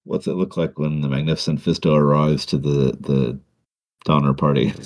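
A man running a tabletop game as game master, relaxed and descriptive. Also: a bass voice, moderate pace.

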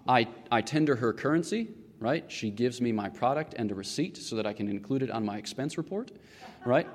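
A man's voice: fairly low pitch, a little mellow, long reverb tail. A man giving a classroom lecture in a rhetorical, questioning manner, often checking in with his listeners.

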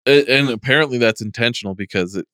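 A man's voice: mid-range voice, quick pace, sharp tone, clean tone, no echo, studio quality. A man hosting a podcast, chatting casually and teasing the others with jokes. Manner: joking, teasing. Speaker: podcast host.

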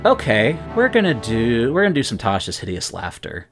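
A man's voice: mid-range voice, wildly swooping pitch, brisk, faint music behind. A man playing a tabletop game, casual and hesitant with fillers. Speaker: player.

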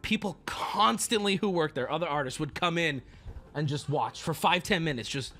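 A man with a high, bright voice spins a casual story for his stream. He swears freely and swings from hushed asides to excited outbursts, with a sing-song lilt all over the place. Soft music runs faintly underneath. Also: moderate pace. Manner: excitable, profane, swings between hushed and loud.

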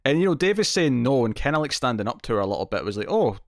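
A man's voice: medium pitch, sing-song, very fast, no room sound, clean studio sound. Scottish man in casual podcast chat. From Scotland. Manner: chatty, self-interrupting, laughs often. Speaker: podcast co-host.

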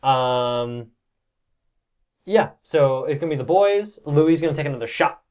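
A man's voice: a little high, animated, a little slow, a crowd in the background. A man running a tabletop game as game master, narrating loosely and swearing, with many filler words. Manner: casual, swears often, lots of filler words.

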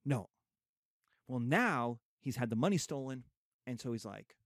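A man lecturing on a play, explaining scenes in an animated, conversational way. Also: mid-range voice, a little slow, long pauses, no echo, clean studio sound. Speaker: teacher. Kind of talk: literature lecture.

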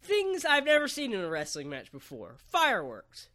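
High, bright, lively-voiced man recapping. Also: moderate pace. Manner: animated, profane play-by-play. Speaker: podcast co-host. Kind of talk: casual chat recapping a match.

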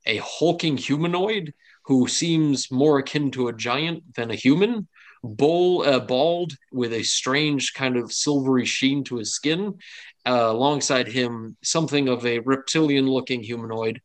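A man narrating a tabletop game as game master, casual and rambling. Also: mid-range voice.

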